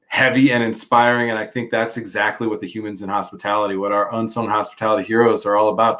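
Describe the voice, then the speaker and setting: A man's voice: lowish voice, a bit bright, poor audio. A man hosting a podcast, upbeat and grateful, thanking his guest. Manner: enthusiastic, grateful. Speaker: podcast host. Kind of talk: casual interview chat.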